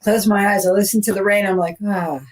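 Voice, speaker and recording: A woman co-hosting a podcast, telling a story in a rambling, animated way and acting out the dialogue. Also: mid-range voice, quick pace, slight background noise, rough recording. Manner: rambling, animated, acts out quoted dialogue, many fillers. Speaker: podcast co-host. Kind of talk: casual storytelling.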